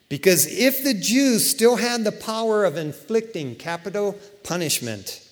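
A man preaching a sermon in a conversational, animated way, asking his listeners question after question. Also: a little high. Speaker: pastor. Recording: long hall reverb.

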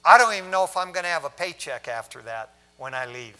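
Pastor guy telling his testimony, kinda high bright voice, chatty, acts out the back and forth. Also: expressive, fast, few pauses. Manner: conversational storytelling, acts out dialogue. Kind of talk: sermon testimony.

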